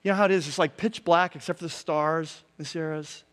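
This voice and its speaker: Man, pastor, sermon, high voice, animated storyteller, long hall reverb. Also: fairly quick. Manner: animated storytelling with laughs and acted-out shouts.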